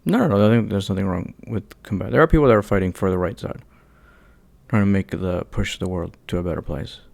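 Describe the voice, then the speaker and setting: A man co-hosting a podcast, mostly listening and giving short, measured replies. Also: deep voice, gravelly, a little mellow, no echo. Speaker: podcast co-host. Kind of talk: casual podcast chat.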